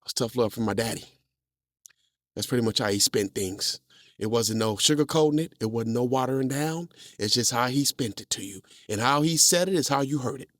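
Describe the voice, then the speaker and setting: A man's voice: medium pitch, brisk, fairly bright tone, no echo, studio quality. A man, a podcast host, telling a personal story in casual talk. He laughs often, repeats words and acts out the people he quotes.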